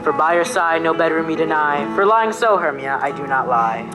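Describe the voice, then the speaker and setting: A woman's voice: sits low, moderate pace, muffled recording, music in the background, natural voice. A young woman playing an ardent young male lover in a school stage play, declaiming verse earnestly. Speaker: student actor.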